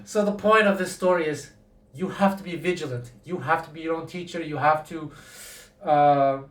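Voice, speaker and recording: A man's voice: fairly high pitch, moderate pace. A man, a guitar teacher, talking casually to camera, acting out quoted dialogue with frequent restarts. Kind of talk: casual talking-head lesson. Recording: roomy echo, speaking from a distance from the mic.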